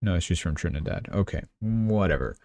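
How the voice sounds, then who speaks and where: A young man hosting a casual news livestream, chatty and sarcastic, tossing off quick asides. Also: deep voice, expressive, creaky, a little mellow, dry recording. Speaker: crypto and news livestream host.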